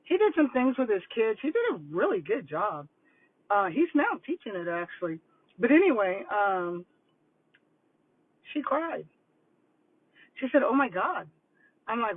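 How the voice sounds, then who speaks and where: An older woman coaching on vision boards, telling stories in a casual, animated, rambling way. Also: fairly high pitch, moderate pace, long pauses, husky, no room sound. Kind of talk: casual livestream talk. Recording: tinny phone-like line, dry.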